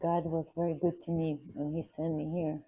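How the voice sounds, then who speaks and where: Low-voiced woman chatting while she draws. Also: little pitch movement, a little fast, warm tone, husky. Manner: rambling, earnest, repeats herself for emphasis. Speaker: art instructor. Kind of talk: casual chatty tutorial while drawing.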